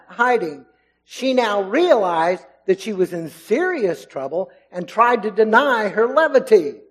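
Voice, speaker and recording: A man preaching a sermon in a church. He talks in an animated way, swinging between loud and hushed, and acts out the voices of the people in the story. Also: sits high, breathy edge, poor audio.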